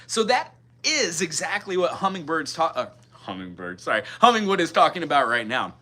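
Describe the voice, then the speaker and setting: A man's voice: on the high side, very animated, fairly quick. A man from the mainland United States teaching guitar in a live-streamed lesson, chatty and thinking aloud as he scats melodies. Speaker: music teacher. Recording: loud guitar under the voice. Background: guitar playing.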